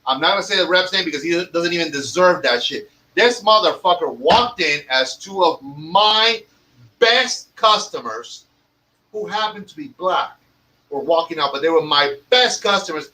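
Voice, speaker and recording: A man's voice: on the high side, animated, normal speed, sharp tone, rough recording. A man who owns a cigar lounge, telling stories in a profane, emphatic podcast rant. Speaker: cigar lounge owner and tobacconist.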